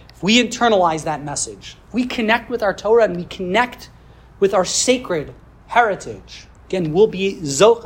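A woman's voice: lowish voice, husky. A woman teaching a Jewish history class for a podcast. She speaks earnestly, builds her points with rhetorical questions, and mixes in Hebrew religious terms.

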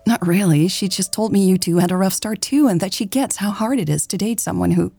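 A woman's voice: mid-range voice, a little fast, gravelly, dark tone, breathy edge, dry recording, soft background music. A woman reading aloud and voicing a nervous, shy young woman in love who stammers when flustered. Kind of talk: read-aloud story dialogue.

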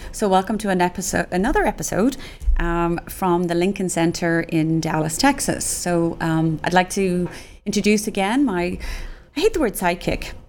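A woman's voice: on the low side, moderate pace, slight background noise. A woman hosting a podcast from a studio, chatting casually and rambling with plenty of fillers. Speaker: podcast host. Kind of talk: casual chat.

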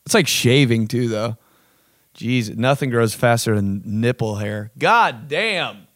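A man's voice: medium pitch, very animated, measured pace, a bit bright, dry recording, studio quality. Rambling, profane man joking around. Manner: rambling, profane, joking, fond of bro and dude. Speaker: vlog host. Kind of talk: casual comedic rant.

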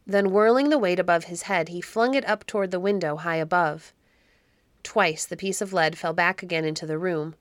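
A woman narrating a classic children's story in a measured, expressive reading. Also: on the low side, no room sound, clean studio sound. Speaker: audiobook narrator.

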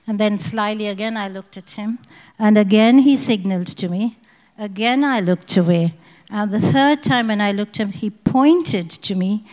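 A woman's voice: mid-range voice, a little mellow. Woman telling a testimony in a hall. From India. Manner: vivid storytelling, acting out the dialogue. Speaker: testimony speaker at a prayer conference. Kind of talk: spoken personal testimony.

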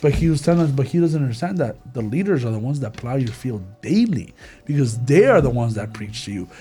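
A young man in a casual Bible discussion group, slangy and animated, tripping over fillers and restarts as he explains. His voice has a husky, breathy edge. He talks like a friend among friends. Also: mid-range voice, brisk, soft background music. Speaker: church youth group member.

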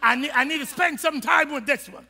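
A male pastor preaches with lively humor in plain, colloquial talk. His voice sits very high and sounds intensely bright and sharp, with a gravelly rasp. A long reverb trails behind it in a church sanctuary. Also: brisk. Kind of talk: sermon. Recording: long reverb of a large hall.

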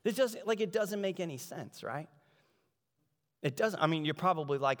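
A man preaching a sermon in a conversational, animated way, acting out the voices of the people in the story. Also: on the high side, fairly quick. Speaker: pastor. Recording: large hall reverb.

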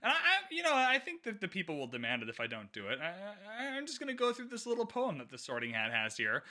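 A young man co-hosts a relaxed book-discussion podcast, thinking out loud with frequent fillers and false starts. His voice is very bright and slightly high for a man, swinging widely in pitch as he goes. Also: fast talker. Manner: rambling, lots of "like" fillers and restarts. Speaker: podcast co-host.

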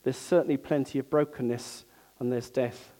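A man's voice: medium pitch, steady tone, normal speed, warm tone. A man preaching a sermon to his congregation in an earnest, conversational way, with asides to the listeners.

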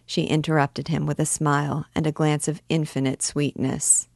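A woman reading a classic novel aloud in a clear, measured storytelling voice. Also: sits low, steady tone, a little mellow, no echo, studio quality. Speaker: literature teacher reading aloud.

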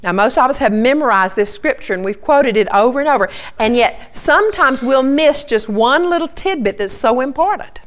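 A woman's voice: high voice, lively intonation, normal speed, hardly any pauses. Earnest woman teaching scripture. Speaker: Bible teacher. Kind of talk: sermon.

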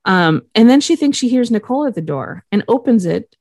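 A woman's voice: fairly high pitch, animated, fairly quick, a little mellow, dry recording, studio quality. A woman co-hosting a casual podcast, recapping a TV episode in a rambling way with lots of fillers and the odd swear word. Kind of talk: casual chat.

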